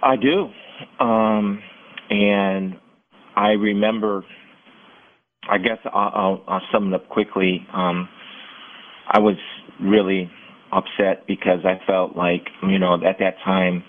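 A middle-aged man telling personal stories in an interview, earnest and halting, often restarting his sentences. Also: deep voice, level tone. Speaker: guest, former football player. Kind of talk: candid interview storytelling. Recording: tinny phone-like audio.

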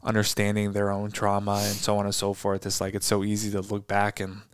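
Earnest low-voiced man co-hosting a podcast. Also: monotone, brisk, clear, resonant tone. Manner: earnest, searching, many fillers and restarts. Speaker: podcast co-host. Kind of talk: reflective casual conversation.

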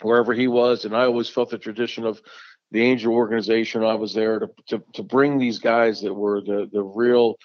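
A man's voice: fairly low pitch, flat delivery, a little fast, no echo, highs cut off. A man telling stories in an easygoing, casual way, repeating phrases as he goes. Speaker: former catcher, interview guest. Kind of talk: casual storytelling.

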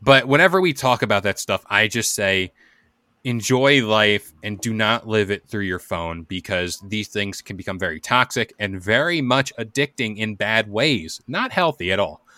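A man hosts a podcast, talking loosely and jokingly. His voice is bright and forward, recorded dry and close with no room sound. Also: lowish voice, lively intonation, moderate pace, dry recording. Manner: laid-back, rambling, jokey. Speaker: podcast host. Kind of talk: casual chat.

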